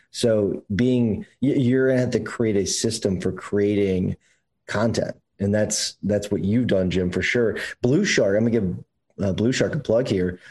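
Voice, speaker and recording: A man's voice: on the low side, a little mellow, husky, rough recording. A man co-hosting a podcast in casual chat, emphatic and swearing freely, his voice climbing when he presses a point. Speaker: podcast co-host.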